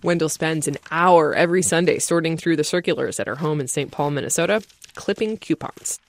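A woman radio reporter narrating a news feature in a brisk, wry way. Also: low-pitched, a little hiss or hum.

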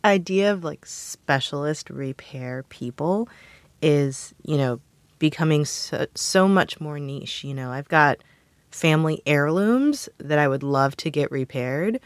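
A woman's voice: sits low, animated, a little slow, dry recording. A woman co-hosting a show, chatting casually with lots of fillers. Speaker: co-host. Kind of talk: casual chat.

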